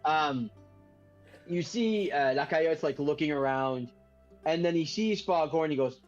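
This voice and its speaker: High-voiced man running a tabletop game. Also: soft background music. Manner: rambling, crude, quick to laugh. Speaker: game master. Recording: dull lo-fi.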